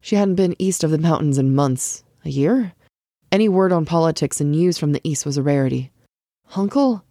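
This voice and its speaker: A woman narrating a fantasy novel chapter in a measured storytelling voice. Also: low voice, warm tone, no room sound, clean studio sound. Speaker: author narrator. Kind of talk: audiobook narration.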